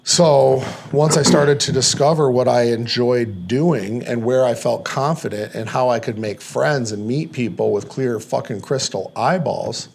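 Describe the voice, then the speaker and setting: As a podcast guest, a man tells a personal story in a mid-range, gravelly, darkish voice, a little slow and with hardly any pauses. He rambles casually, swearing and filling his talk with "like," over slight background noise.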